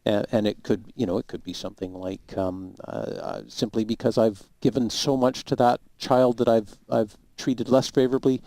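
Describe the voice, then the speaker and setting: A man, a lawyer guest, giving measured, emphatic legal advice on a talk show. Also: on the low side, steady tone, gravelly, dark tone, no echo. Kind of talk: explaining law on a talk show.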